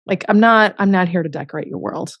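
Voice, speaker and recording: A confident woman talks as an interview guest in a slightly low voice. She is emphatic and outspoken, laughs often and fills her sentences with "like." Her voice sounds dry and close, with no room around it. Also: quick pace, a bit bright, no room sound, muffled recording. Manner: emphatic and self-assured, heavy use of "like". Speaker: author and business co-founder, interview guest. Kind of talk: candid conversational interview.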